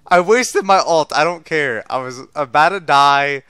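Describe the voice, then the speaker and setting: A young man giving profane play-by-play while gaming, muttering low and then yelling and trash-talking his teammates. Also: expressive, measured pace, few pauses, smooth, no echo, studio quality. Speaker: gamer streaming his play. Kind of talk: profane gameplay commentary.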